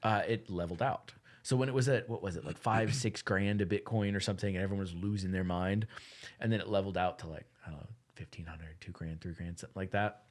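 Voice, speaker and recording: A young man co-hosting a podcast, telling a rambling, relaxed story in casual chat. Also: sits low, fast talker. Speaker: podcast co-host.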